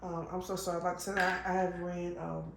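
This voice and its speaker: A vlogger chats casually while crafting, her voice on the low side, level, creaky, and fairly quick. She rambles with frequent ums and restarts and coughs now and then, recorded in a roomy space with faint background noise.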